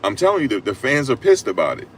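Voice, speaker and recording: A man giving casual, emphatic sports talk on a live stream, repeating his points and rising to loud peaks. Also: medium pitch, huge pitch swings, quick pace, slight background noise. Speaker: sports commentator.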